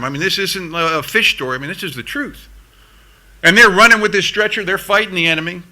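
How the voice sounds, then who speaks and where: A man's voice: on the high side, bright, forceful tone. A middle-aged man from the United States, a veteran speaking at a conference, telling a combat story in an earnest voice and repeating words as his pace picks up. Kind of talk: storytelling speech to an audience. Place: conference hall stage.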